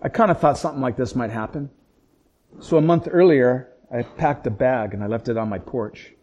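A middle-aged man, a pastor, telling a painful personal story in conversation, acting out the dialogue and swinging from hushed, low tones to loud, raised outbursts. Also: moderate pace, highs cut off. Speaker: pastor and police chaplain.

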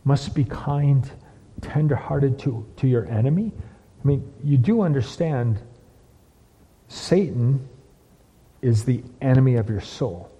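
A man preaching from the pulpit, his dark, husky voice rolling out in long questions he repeats again and again. The sound is dull and lo-fi, with a long hall reverb behind every word. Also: medium pitch, takes it slowly, pauses often. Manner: preaching with heavy repetition and rhetorical questions. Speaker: pastor. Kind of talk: sermon.

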